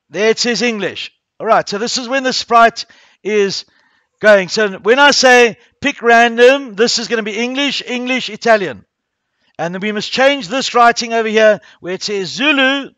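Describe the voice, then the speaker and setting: A man's voice: extremely high pitch, a bit bright, dry recording. A man teaching a primary school coding class, talking the pupils through each click step by step.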